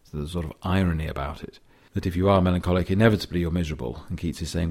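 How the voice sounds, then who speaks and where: Deep-voiced man lecturing on poetry. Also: darkish tone. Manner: measured, thoughtful, with scholarly asides. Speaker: literature lecturer. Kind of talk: explaining and reading poetry aloud.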